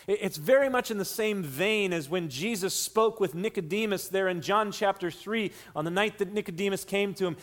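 A man preaching an expository sermon, earnest, slowing down for emphasis and repeating key lines. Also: sits high. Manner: earnest teaching, shifts between slow emphasis and quick runs. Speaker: pastor.

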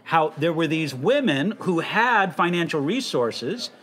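A man's voice: fairly high pitch, big pitch swings, measured pace, fairly bright tone. A man hosting a casual faith conversation, reading listener questions aloud in a teasing, inquisitive way.

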